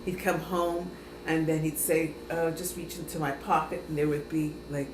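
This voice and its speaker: Female interviewee, lower pitch, measured storyteller; roomy, noisy recording. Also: flat delivery. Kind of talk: recounting family history. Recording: echoey room with noise.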